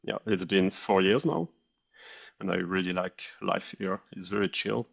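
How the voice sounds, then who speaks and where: Low-voiced Frenchman on a slightly dull line. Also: a little slow, creaky. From France. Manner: modest, a bit hesitant. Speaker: guest, startup founder. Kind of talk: casual interview chat.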